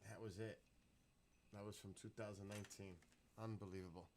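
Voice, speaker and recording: A man's voice: on the low side, fairly even intonation, a little fast, a little mellow. A man chatting casually on a live stream, rambling, swearing freely and bursting into laughs. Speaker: livestreamer.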